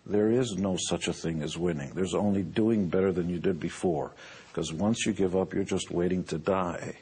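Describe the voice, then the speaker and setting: Deep husky boastful older man. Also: steady tone, normal speed, mellow. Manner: boastful, joking, emphatic. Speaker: musician and entrepreneur. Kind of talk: motivational talk.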